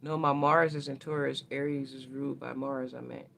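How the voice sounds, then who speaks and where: Woman, livestream astrology host, casual and rambling, gravelly with a sharp brightness. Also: rumbling low, fairly even intonation, normal speed, slight background noise. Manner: slangy, rambling, talks straight to viewers.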